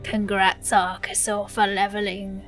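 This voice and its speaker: A woman putting on a rough mock-Cockney voice as a wounded, greedy male orc, reading game quest dialogue aloud. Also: mid-range voice, level tone, measured pace, a bit bright, soft background music, close to an everyday voice. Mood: gloating.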